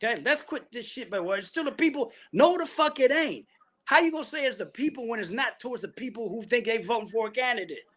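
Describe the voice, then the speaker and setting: A man's voice: very high-pitched, animated, fast talker, a bit bright. A man ranting bluntly and profanely about politics, full of heavy slang. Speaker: vlogger giving opinions.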